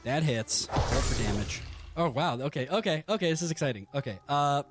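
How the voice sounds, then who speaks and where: A man's voice: a little high, lively intonation, fairly quick, over loud music. A man running a tabletop game as game master, narrating in a rambling way full of fillers and laughs.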